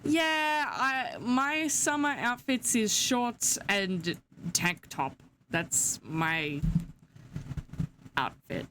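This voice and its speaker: Slow sleepy young woman streamer. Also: on the high side, expressive, fairly bright tone, a little hiss or hum. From Australia. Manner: slow, chatty, giggly, sleepy and yawning. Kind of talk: casual live-stream chat.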